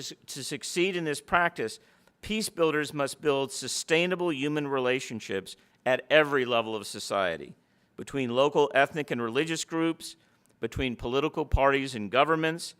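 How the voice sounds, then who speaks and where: Smooth-voiced male lecturer telling stories. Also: mid-range voice, fairly bright tone. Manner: anecdotal, storytelling. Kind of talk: public lecture.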